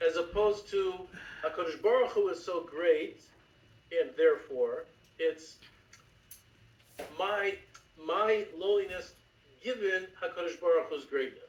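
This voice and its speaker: A man in a class discussion, halting and searching for his words. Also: sits high, distant mic. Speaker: class participant. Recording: dull, roomy, from off mic.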